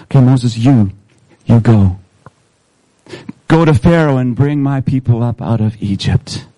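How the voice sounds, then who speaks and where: A man, a pastor, voicing God speaking from a burning fire, slow and authoritative, in a low mellow voice. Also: no room sound, close to an everyday voice, rough recording. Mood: solemn.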